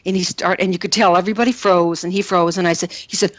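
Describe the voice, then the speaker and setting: Animated woman telling coaching stories. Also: medium pitch, quick pace, no room sound. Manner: animated, acts out quotes with shifting voices; repetitive, emphatic storytelling. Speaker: film producer and coach. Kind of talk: conversational storytelling interview.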